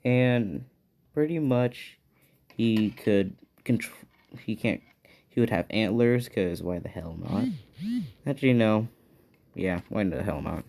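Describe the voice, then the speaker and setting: A man's voice: on the low side, animated, takes it slowly, gravelly, long pauses, darkish tone. A man improvising a fan story aloud, rambling and hesitant as he thinks it up.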